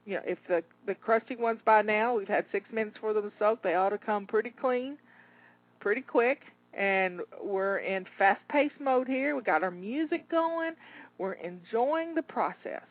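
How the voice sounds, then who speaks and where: Speaking at a moderate pace in a mid-range voice, a woman who works as a home organizing coach talks listeners through a timed cleaning session live. She's a bit breathless, repeats herself, and keeps rallying and encouraging everyone, captured in dry, tinny, phone-like audio with no echo.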